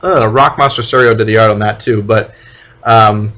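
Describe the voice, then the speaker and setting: A man's voice: on the low side, fairly even intonation, moderate pace, a bit bright. A man co-hosting a podcast in casual chat, speaking hesitantly with many ums and giving blunt, critical opinions. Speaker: podcast co-host.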